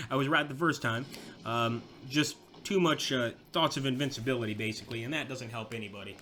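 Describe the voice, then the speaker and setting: A young man with a Southern American drawl talks through a battle in his strategy game as it unfolds. His voice is bright and pushed forward, and he cheers his units on excitedly. A faint ambient hum sits behind him. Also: medium pitch, fast talker. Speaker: gameplay commentator. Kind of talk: let's play commentary.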